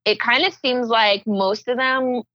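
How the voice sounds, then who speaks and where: A woman's voice: on the high side, fairly even intonation, measured pace, no echo, dull audio. A young American woman co-hosting a podcast in casual chat, giggly and saying "like" constantly. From United States. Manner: giggly, filler-heavy, says "like" constantly. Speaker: podcast co-host.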